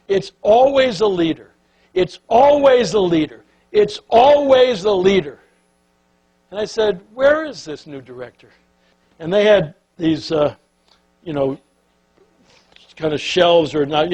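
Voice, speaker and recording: Husky man telling a folksy story. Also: fairly high pitch, rough recording. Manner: folksy anecdotal, asks the audience questions. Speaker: keynote speaker. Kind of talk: storytelling speech.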